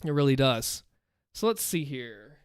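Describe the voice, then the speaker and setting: A man's voice: medium pitch, big pitch swings, measured pace, clean tone, dry recording, clean studio sound. A man casually chatting on a live stream, answering viewer questions with earnest, rambling advice and frequent restarts, speaking into a desk microphone at home. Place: home room, seated in a chair.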